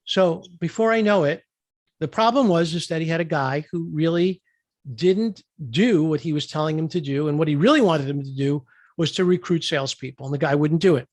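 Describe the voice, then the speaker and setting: A man's voice: a little high, a little fast, no echo. A man, a guest entrepreneur, telling a business story in an interview and acting out quoted dialogue. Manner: lively storyteller who acts out quoted dialogue.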